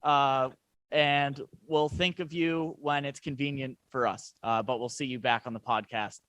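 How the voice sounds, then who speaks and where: A man's voice: medium pitch, fairly even intonation, unhurried, a bit bright, no echo. A man hosting a podcast, introducing the show with dry, teasing humor. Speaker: podcast host.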